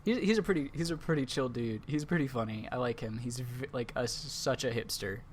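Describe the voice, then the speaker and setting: A man's voice: mid-range voice, fairly quick, slight background noise. A young man hosting a casual podcast, telling a rambling story packed with fillers. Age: young adult. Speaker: podcast host.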